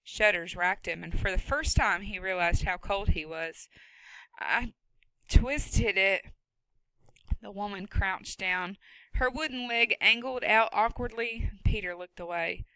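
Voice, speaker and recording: A woman reading a novel aloud with a steady, expressive delivery and a bright, crisp tone. The recording is dead dry, close to a studio mic. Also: mid-range voice, moderate pace, no room sound, rough recording. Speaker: audiobook narrator. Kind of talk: scripted narration.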